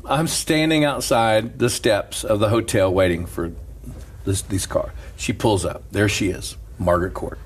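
A man who is a pastor, telling stories in an animated casual chat and laughing through them. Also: lowish voice, unhurried, husky.

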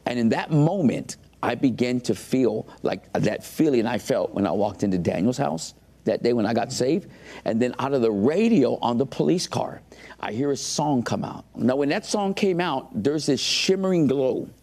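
A man's voice: medium pitch, lively intonation, moderate pace, a little mellow. A man earnestly telling his faith testimony in an interview, emotional as he recounts it.

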